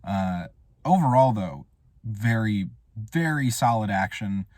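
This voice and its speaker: Casting: male reviewer, low-ish voice, wry deadpan rambler, dry booth sound. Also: takes it slowly, no echo. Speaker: film reviewer. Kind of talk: casual monologue review. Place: Portland area.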